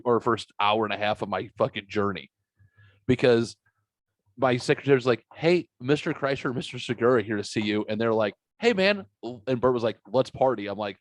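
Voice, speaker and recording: A man's voice: medium pitch, no room sound. A man co-hosting a podcast, telling a rambling, profane story in casual banter. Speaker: podcast co-host.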